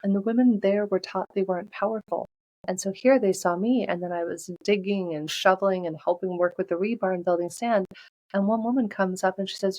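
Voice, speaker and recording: A woman's voice: mid-range voice, steady tone, fairly quick, darkish tone, rough recording. A woman guest on a podcast, telling her story in an earnest, heartfelt way. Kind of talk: conversational storytelling.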